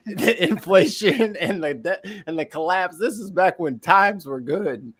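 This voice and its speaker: A man's voice: high voice, animated, measured pace, fairly bright tone. A man co-hosting a casual group chat, joking and sarcastic. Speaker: co-host.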